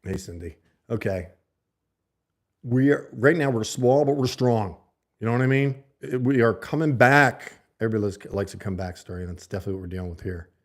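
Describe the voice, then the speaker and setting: Chatting loosely with viewers and reading their comments aloud, a man hosts a livestream from his home setup, close to a desk mic. His medium-pitched voice has lively intonation, and his pace is a little fast.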